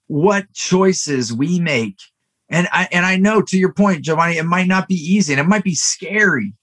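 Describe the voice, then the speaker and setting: Bright-voiced motivational podcast host. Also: male voice, on the high side. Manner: storytelling, earnest and motivational, many fillers. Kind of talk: casual podcast conversation.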